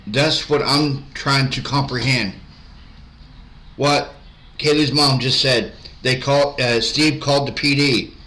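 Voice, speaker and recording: A man's voice: medium pitch, fairly even intonation, slow pace, pushed and bright, poor audio. A man commenting on a case, incredulous and blunt, with swearing. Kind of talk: reaction commentary.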